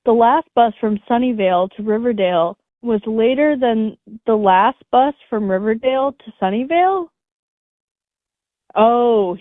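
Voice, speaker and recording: A woman's voice: a little high, no echo. A woman reading online stories aloud in a casual chat, with light laughs and asides. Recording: dry, phone-like audio.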